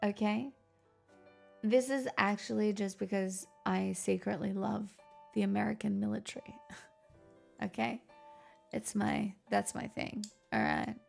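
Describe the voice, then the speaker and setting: Slow, gravelly woman streamer in a put-on transatlantic accent. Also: medium pitch, a little mellow, soft background music. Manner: chatty, self-mocking, swears casually. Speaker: live streamer greeting chat. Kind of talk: casual live-stream chat.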